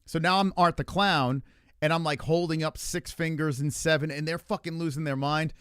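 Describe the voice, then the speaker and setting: A man's voice: fairly high pitch, fairly even intonation, moderate pace, fairly bright tone, clear, resonant tone, no echo, studio quality. A man hosting a livestream, chatting casually and reading the chat in a rambling, profane way. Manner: rambling, loose and swearing a lot.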